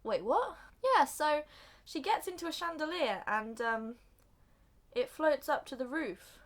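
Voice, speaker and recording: A young woman recapping a film plot for comedy, acting out the characters' lines in an animated way. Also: sits high, unhurried. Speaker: video reviewer.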